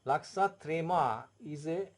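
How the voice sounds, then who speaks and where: A man with an Indian English accent teaches French in a slow, deliberate classroom manner. His voice sits a little high for a man, and he repeats key words and spells letters out one by one. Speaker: French tutor. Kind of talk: classroom explanation.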